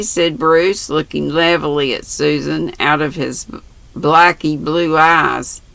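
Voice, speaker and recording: An older woman reads a novel aloud in a gravelly, bright voice. She takes her time, with small restarts and asides, and the sound is dry and close. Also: sits low, steady tone, no room sound, rough recording. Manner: unhurried reading with restarts and asides. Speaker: audiobook reader.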